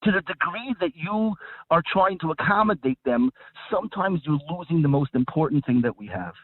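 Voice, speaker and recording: A man appears as a guest rabbi in a radio discussion, speaking briskly in a fairly high, expressive voice. He talks emphatically, often repeating words and restarting sentences, over a dry, phone-like line.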